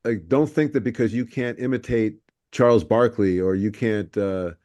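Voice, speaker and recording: A man's voice: fairly low pitch, normal speed, dark tone. Brief: male podcast co-host, easygoing and jokey, rambling delivery. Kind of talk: casual podcast conversation.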